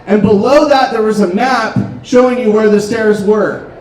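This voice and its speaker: High-voiced deadpan stand-up comedian. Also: male voice, moderate pace. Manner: deadpan dark jokes with filler ums. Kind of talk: stand-up set. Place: restaurant comedy stage. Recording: roomy club, distant mic, crowd noise. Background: audience laughter.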